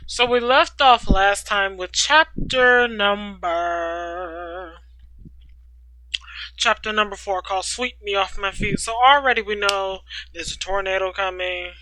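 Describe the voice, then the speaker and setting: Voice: mid-range voice, sharp tone, dry recording, low-quality recording. A storytime host reading a fan story aloud, stopping often for playful, slangy comments and laughs. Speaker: storytime reader.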